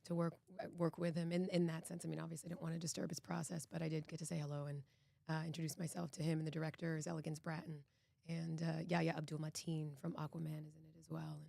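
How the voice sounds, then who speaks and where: An earnest, reflective woman from Boston speaks as a podcast guest. Her voice is low and stays fairly level. She often restarts her sentences. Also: flat delivery, fast talker, creaky, dark tone, no echo. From Boston, United States. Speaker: actress and executive producer, guest. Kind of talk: casual podcast interview.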